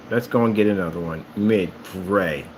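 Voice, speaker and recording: A man's voice: sits low, slow pace, gravelly, slight background noise. A man who makes screen paint rants at a rival in a combative, mocking tone, repeating his jabs. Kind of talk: ranting vlog.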